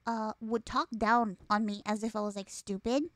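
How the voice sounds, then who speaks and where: A young woman with a Spanish accent hosting a casual talk show, excitable, repeating herself and swearing freely. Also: medium pitch, normal speed, dry recording, clean studio sound. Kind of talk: casual chat.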